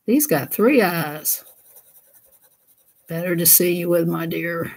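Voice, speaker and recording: A woman's voice: on the low side, slow, long pauses, a little mellow, breathy edge. Giggly woman chatting while coloring. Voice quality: giggly, playful, breaks into silly voices. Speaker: coloring channel host. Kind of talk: casual chat while coloring.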